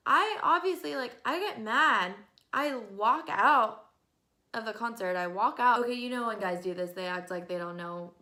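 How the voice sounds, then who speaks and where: A woman in her twenties telling stories to camera in an animated, exasperated way, often breaking into laughs. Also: a little high, fairly quick. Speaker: vlogger. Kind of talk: casual storytelling to camera.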